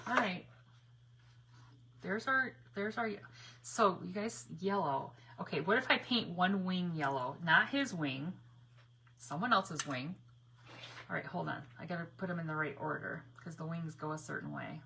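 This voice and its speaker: A woman's voice: lowish voice, lively intonation, measured pace, vocal fry, pauses often, pushed and bright, slight background noise. A woman hosting a live craft stream, chatting casually while she paints, greeting viewers by name and laughing often. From northern United States. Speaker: craft livestream host.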